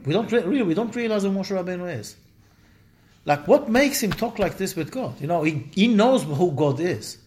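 A man's voice: high-pitched, normal speed. A man teaching a weekly scripture class, talking in a conversational way, answering students and acting out quoted dialogue. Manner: animated, acts out quoted dialogue with rising emphasis. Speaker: Torah teacher.

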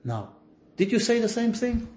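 A man teaching a lively classroom lesson, questioning his students and swinging between loud emphasis and soft asides. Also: fairly high pitch, moderate pace, echoey room. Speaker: religious teacher.

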